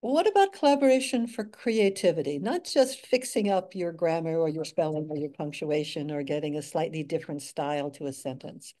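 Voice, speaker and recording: An older woman giving an academic slide lecture, measured with dry asides and frequent fillers. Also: low voice, lively intonation, mellow. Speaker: guest speaker.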